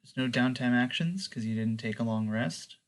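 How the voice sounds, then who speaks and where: A man narrating a tabletop game as game master, halting often with ums and likes as he describes the scene. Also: medium pitch.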